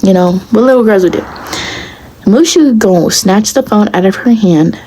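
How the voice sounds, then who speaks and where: A young woman telling a storytime to her viewers in a casual, blunt, profane and animated way. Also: medium pitch, moderate pace, a little hiss or hum, poor audio. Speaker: vlogger.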